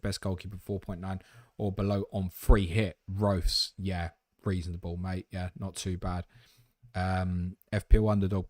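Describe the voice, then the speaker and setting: Casting: male stream host, lowish voice, dry close sound, blunt and jokey, swears freely. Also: a little mellow, no echo. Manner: blunt, swearing, matey banter. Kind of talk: live Q&A stream.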